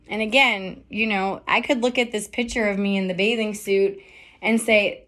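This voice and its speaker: A woman's voice: mid-range voice, normal speed, fairly bright tone. A middle-aged woman hosting a motivational podcast, talking candidly and emphatically, firing off rhetorical questions and swearing freely. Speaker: podcast host.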